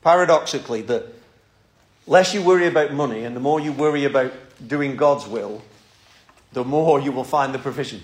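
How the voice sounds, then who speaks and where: A man's voice: medium pitch, normal speed, reverberant. A man preaching a sermon and leading prayer, talking earnestly and often repeating words as he starts a thought.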